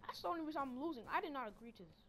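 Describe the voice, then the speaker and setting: Excitable high-voiced trash-talking woman gamer. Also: very fast, a little hiss or hum. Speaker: gamer playing with a friend. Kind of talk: casual gaming commentary.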